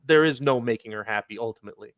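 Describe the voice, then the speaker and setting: A man's voice: medium pitch, racing, fairly bright tone. Wry rambling man in casual chat. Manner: wry sarcastic jokes, rambling asides. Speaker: podcast co-host.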